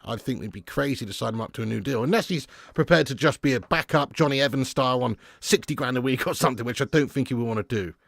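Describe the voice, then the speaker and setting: A man streaming a live football watch-along, reading viewer comments casually, then swearing and shouting at the match as it unfolds. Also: mid-range voice, quick pace, vocal fry, hardly any pauses, dry recording, clean studio sound.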